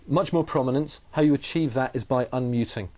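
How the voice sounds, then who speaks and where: A man teaches guitar in a steady, mid-pitched voice. He explains each point with patience and method, going back over his key phrases. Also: brisk. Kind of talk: explaining guitar technique in a lesson.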